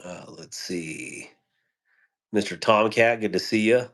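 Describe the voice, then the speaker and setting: A man's voice: lowish voice, takes it slowly, a bit bright. A man hosting a casual live stream from home on his phone, greeting viewers by name with rambling, joking asides.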